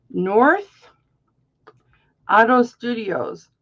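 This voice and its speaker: A woman's voice: on the high side, breathy edge, highs cut off. A middle-aged woman hosting a live-stream jewelry auction, chatting casually and rambling playfully through stories.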